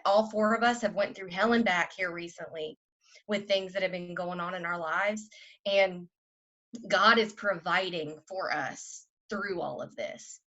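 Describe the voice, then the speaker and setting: A woman leading a group call, giving a fervent, preachy pep talk that swings between loud and soft. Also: medium pitch, muffled recording. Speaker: team leader on a group call.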